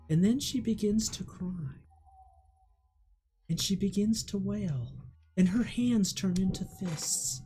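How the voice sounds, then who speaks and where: A game master narrating a tabletop role-playing game with slow, deliberate storytelling. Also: mid-range voice, a little mellow.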